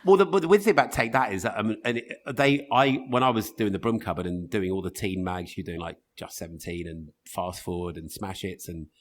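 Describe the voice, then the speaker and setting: A man's voice: low voice, fairly quick, few pauses. A man in his fifties, a radio presenter and guest, telling stories in casual interview chat with many restarts. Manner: animated storytelling with restarts.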